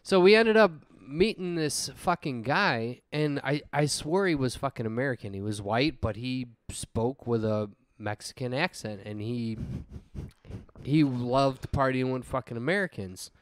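A man's voice: medium pitch, a little slow, clear, resonant tone, no echo. A man in his thirties, a podcast co-host, telling a rowdy story in casual chat, swearing a lot and breaking into laughter.

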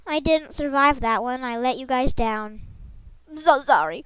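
A woman's voice: sits high, unhurried, clear, resonant tone, no room sound, rough recording. A woman giving playful, rambling gameplay commentary, making silly sound effects and joking to her viewers as she plays. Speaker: gaming channel host.

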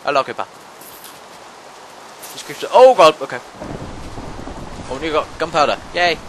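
A young man giving let's-play commentary, talking to the monsters and yelping and shouting whenever they hit him. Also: on the high side, animated, moderate pace, slight background noise, poor audio. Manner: talks to monsters, yelps and shouts when hit. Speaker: gaming channel host.

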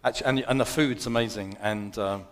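A man's voice: lowish voice, a little fast. A man with a London accent giving a chatty, self-deprecating sermon as a guest preacher. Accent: London English. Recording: long hall reverb.

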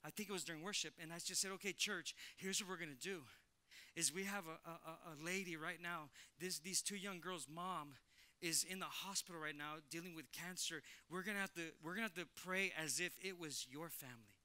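A man preaching a sermon as pastor in a church, energetic, stammering repeats and acted-out quotes. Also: fairly high pitch, fairly quick. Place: church sanctuary.

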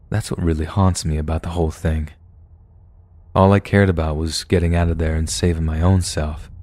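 Deep-voiced man narrating a horror story. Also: dark tone. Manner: casual, conversational storytelling. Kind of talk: scripted first-person narration.

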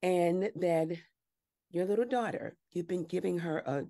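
A woman's voice: fairly low pitch, dark tone. A woman improvising a prim, hesitant school official with a put-on Southern accent. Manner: hesitant, halting. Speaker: improv performer. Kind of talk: live improv comedy scene.

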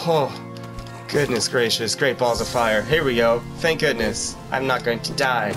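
With music playing behind him, a gaming channel host in a mid-range voice talks through a let's-play at an unhurried pace. He's excitable and jokey, letting out yelps and exclamations during play.

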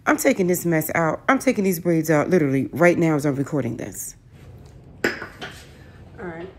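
A woman's voice: deep voice, expressive, moderate pace. A woman in her thirties, a vlogger, telling stories in a chatty way and laughing often. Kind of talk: casual storytelling chat. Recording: roomy, faint background hum.

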